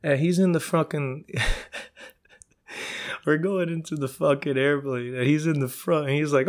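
A man's voice: a little high, fairly even intonation, a little slow, pauses often. A man hosting a solo podcast, telling stories in a profane, rambling way. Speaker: podcast host. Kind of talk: casual solo podcast monologue.

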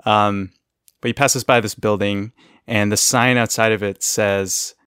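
Laid-back man with a low, dry voice. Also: steady tone, a little slow, a bit bright, clear, resonant tone, dry recording. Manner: laid-back, laughs often, retells scenes. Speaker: podcast co-host. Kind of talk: casual chat recapping a cartoon episode.

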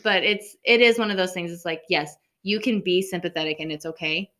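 Candid, earnest lower-voiced woman therapist. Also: a little fast, a bit bright. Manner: candid, swears casually, earnest. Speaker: therapist and podcast co-host. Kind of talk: casual podcast chat.

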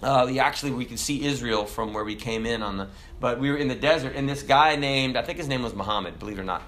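A middle-aged pastor in the middle of a sermon, talking plainly and conversationally to his congregation. His voice is average in pitch for a man. He swings often from loud, raised bursts down to quiet, low asides. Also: quick pace. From America. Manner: animated storytelling preacher, jumps loud and high then drops soft.

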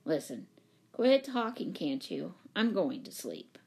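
A woman voicing a laconic, sulky boy, pitched lower and grumbling. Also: huge pitch swings, takes it slowly, vocal fry, darkish tone, full character voice.

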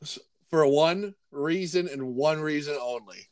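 A man's voice: on the high side, measured pace, dry recording. Young man co-hosting a sports chat. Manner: rambling, joking, restarts and laughs. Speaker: podcast co-host.

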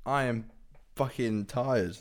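A man's voice: mid-range voice, steady tone, takes it slowly. A young man, talking casually on a podcast and swearing freely. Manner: laid-back, swears, says literally a lot. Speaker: podcast co-host. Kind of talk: casual chat.

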